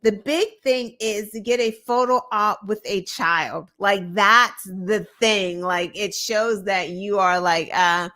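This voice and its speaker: A woman's voice: mid-range voice, steady tone, takes it slowly, few pauses, pushed and bright. A woman hosting a show, giving casual, sarcastic political commentary with lots of filler words. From United States. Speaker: show host.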